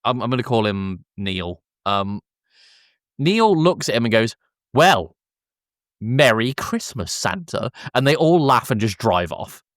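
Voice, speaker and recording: A man co-hosting a podcast, retelling a film scene by scene in casual chat, laughing often and slipping into quick voices for the characters. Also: mid-range voice, very animated, dry recording, studio quality. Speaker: podcast co-host.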